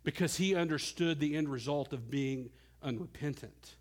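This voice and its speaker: At a normal speed, a middle-aged pastor preaches with earnest conviction. He alternates between gentle, low-pitched moments and loud, ascending ones.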